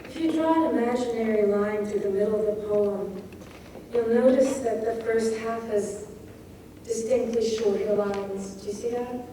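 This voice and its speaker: A woman poet giving a craft talk who reads lines of a poem aloud slowly and dwells on their sounds. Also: a little high, warm tone, slight background noise. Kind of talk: lecture on poetry craft. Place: lecture hall. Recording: echoey hall from far off.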